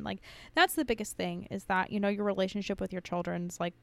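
A woman co-hosting a podcast, talking casually and warmly, with plenty of swearing and filler words. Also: medium pitch, steady tone, fairly quick, gravelly. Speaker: podcast co-host.

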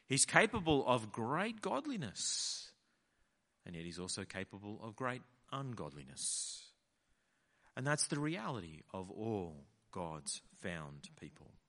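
A male preacher delivers a sermon, his bright voice leaping up and down as he acts out the lines he quotes. A long reverb hangs behind him, as if he is in a large hall. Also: lowish voice, sing-song, slow.

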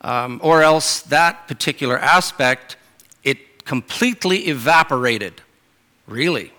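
Bright-voiced man preaching a sermon. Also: medium pitch, animated, measured pace. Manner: conversational with fillers and restarts.

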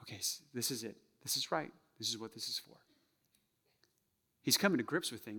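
A male pastor preaching a sermon, acting out tones of voice and sometimes dropping to a hush. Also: medium pitch, brisk, pauses often, long reverb tail. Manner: animated, acts out tones of voice, drops to a hush. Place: church sanctuary.

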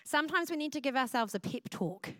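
A woman pastor, preaching loudly and expressively, acting out the things she tells herself. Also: high voice, fast, no echo, studio quality. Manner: loud, expressive preaching with acted self-talk. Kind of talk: sermon.

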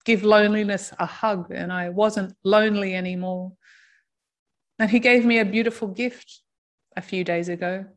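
A woman shares a personal story in a soft, reflective manner, often breaking into light laughter. Her voice sits at an ordinary middle pitch. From Australia. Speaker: intuitive reader.

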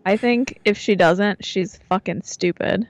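A woman's voice: medium pitch, measured pace. A woman co-hosting a casual podcast, chatting and reading a listener's letter aloud with small asides. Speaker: podcast co-host.

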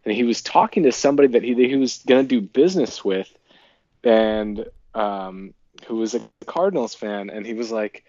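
A man from Iowa, a podcast guest, chatting and telling stories with animated quoted voices. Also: fairly low pitch, normal speed, no room sound, highs cut off. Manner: chatty storyteller, animated quoting. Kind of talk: casual podcast chat.

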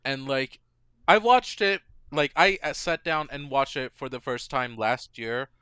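A podcast co-host in a casual chat delivers blunt, emphatic opinions at a moderate pace. His mid-range voice sounds pushed and bright, clear and resonant, in a dry, clean studio recording.

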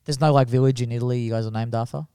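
A man's voice: mid-range voice, fairly even intonation, very fast, mellow, clear, resonant tone, no echo. A man co-hosting a casual podcast who teases the others, prods them with questions and laughs often. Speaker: podcast co-host.

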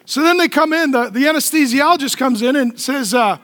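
High-voiced joking male pastor. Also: brisk, long reverb tail. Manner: animated, joking storyteller who asks the crowd questions. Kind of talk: humorous sermon.

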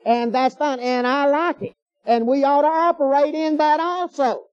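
Folksy man preaching, high voice. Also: fairly even intonation, moderate pace, no room sound. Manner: folksy, emphatic, rhetorical questions. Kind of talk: sermon. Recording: dull lo-fi sermon recording.

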